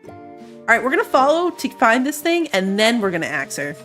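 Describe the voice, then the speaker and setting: A woman's voice: fairly high pitch, very animated, normal speed, a bit bright, faint music behind. A woman giving casual commentary on a game she is playing, chatty and playful as she thinks aloud. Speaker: gamer.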